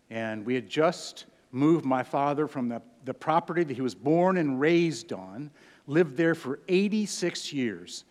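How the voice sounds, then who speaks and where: A pastor in his sixties preaching a sermon, swinging from loud emphatic peaks down to hushed low phrases. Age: 60s. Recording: hall reverb.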